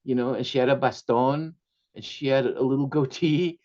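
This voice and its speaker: A man from Tijuana, an author, telling stories in a radio interview with animated delivery and frequent laughter. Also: medium pitch, moderate pace, muffled recording. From Tijuana, Mexico. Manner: animated storyteller who laughs often and acts out quotes.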